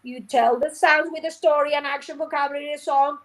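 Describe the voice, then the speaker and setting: A woman phonics teacher trainer, a guest on a show, explaining her methods in a lively way and acting out classroom scenes. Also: sits high, a little fast, rough recording. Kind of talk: animated teaching talk.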